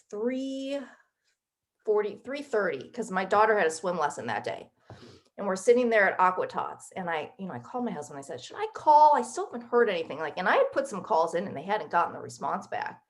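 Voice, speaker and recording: Brief: woman in her 30s, interview guest, chatty emotional storyteller, mid-pitched voice. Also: animated, fairly quick. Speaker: guest author.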